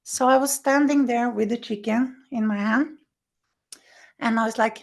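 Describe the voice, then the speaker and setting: A woman being interviewed, telling her recovery story in animated, halting, non-native English, acting out what people said. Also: on the high side, gravelly. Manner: animated storyteller who acts out quoted speech. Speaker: interview guest. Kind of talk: personal recovery story told in conversation.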